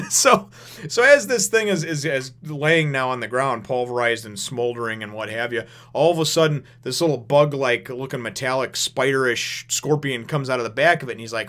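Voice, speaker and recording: A man's voice: mid-range voice, moderate pace, a bit bright. A man rambling through a casual manga chapter review, swearing freely and laughing as he goes. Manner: rambling, profane, laughs often.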